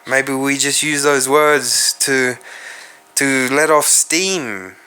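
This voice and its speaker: An Australian man hosts a solo podcast, rambling and musing out loud while swearing casually and talking straight to his viewers. His mid-range voice moves at a slow pace and sounds bright, forceful, clear and resonant.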